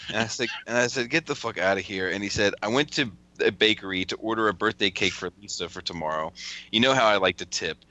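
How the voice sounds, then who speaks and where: A man's voice: on the low side, fast, pushed and bright, no echo. A man hosting a podcast, casually reading out text messages with a lot of cursing and laughing. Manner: profane, laughing often while reading. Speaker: podcast host.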